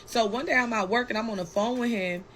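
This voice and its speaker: A young woman guest on a talk show tells a personal story in a casual way, blunt, animated and full of swearing. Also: a little high, fast, slight background noise, rough recording. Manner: blunt, profane and animated, with frequent "like" and "right?".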